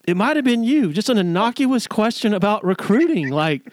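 A man co-hosting a podcast, telling stories in an animated way and laughing often. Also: high-pitched, normal speed, dry recording. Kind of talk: storytelling podcast chat.

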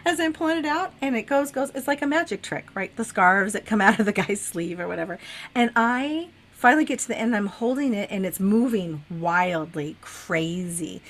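Animated woman telling a wild dream. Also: mid-range voice, slight background noise. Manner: animated, swears freely, laughs often, acts out voices. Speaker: guest sharing a dream. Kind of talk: casual storytelling chat.

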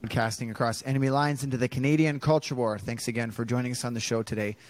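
A man's voice: medium pitch, fairly even intonation, quick pace. Male podcast co-host, mid-range voice, loose delivery, frequent fillers. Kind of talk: casual podcast chat.

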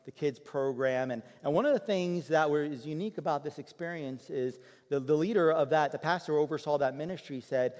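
A man's voice: on the high side, a little fast, darkish tone. A man preaching a sermon as a pastor, telling a story in a conversational way and often repeating words as he restarts a phrase. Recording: long hall reverb.

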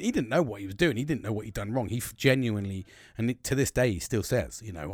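British man, forties, rambling storyteller with a very lively pitch that swings high and low, constant swearing, dry close recording. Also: fast talker, breathy edge, dry recording. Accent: British English. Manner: rambling, heavy swearing, laughing asides. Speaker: podcast host. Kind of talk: casual storytelling.

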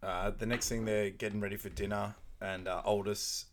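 A man co-hosting a podcast, retelling a film in lively casual chat and acting out the lines he quotes. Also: lowish voice, moderate pace, a little hiss or hum. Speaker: podcast co-host.

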